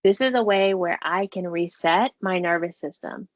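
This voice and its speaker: Over a video call, a therapist with a lowish voice leads a parenting webinar built around guided mindfulness and breathing exercises, speaking at a moderate pace with few pauses. She is encouraging and conversational, saying y'all and adding playful asides, and the audio is dull with no echo.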